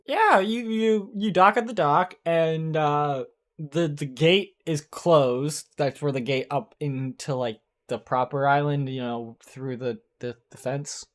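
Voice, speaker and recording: A game master describing the scene for the players. The delivery is halting and loose, with many fillers and self-corrections. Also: medium pitch. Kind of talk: tabletop game narration.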